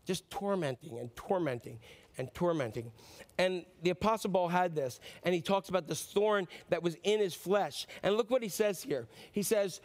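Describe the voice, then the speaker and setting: A man delivering a sermon with a notably high voice. He speaks earnestly, pleading with the listener, lifting his voice for emphasis and then sinking low and quiet. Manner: earnest, pleading, rises and drops sharply for emphasis. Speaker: pastor.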